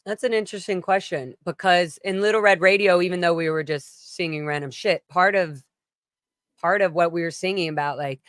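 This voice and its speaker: A woman's voice: on the low side, a little fast, no echo, clean studio sound. A woman singer chatting as a guest in an interview, swearing freely and slipping into playful put-on voices. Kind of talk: casual interview chat.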